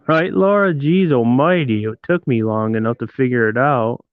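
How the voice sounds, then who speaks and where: A man's voice: mid-range voice, normal speed, clean tone, dry recording. A man from Detroit hosting a live stream, joking and rambling as he teases his viewers. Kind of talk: casual live-stream chat. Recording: tinny phone-like sound, dry.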